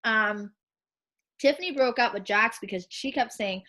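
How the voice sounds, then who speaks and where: A woman's voice: on the high side, moderate pace, bright, forceful tone. A woman talking about her child on a video call. She speaks bluntly, swears often and acts out what others said. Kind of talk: heated casual chat.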